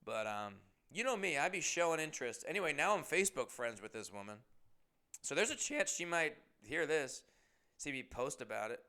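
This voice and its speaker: A man's voice: mid-range voice, animated, a little fast, sharp tone, smooth. A man hosting his own podcast, telling rambling, profane, self-deprecating stories in a casual monologue. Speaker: comedian and podcast host.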